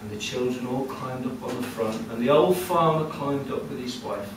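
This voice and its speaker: A man telling a folk tale live at a storytelling cafe, lively and conversational with asides to the audience. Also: mid-range voice, normal speed, recorded from a distance. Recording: echoey room heard from afar with noise.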